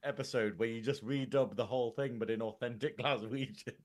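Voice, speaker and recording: A man co-hosting a show in loose casual chat, his voice sitting at an ordinary middle pitch. He rambles, swears freely and laughs often as he talks. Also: steady tone, a little fast. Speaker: co-host.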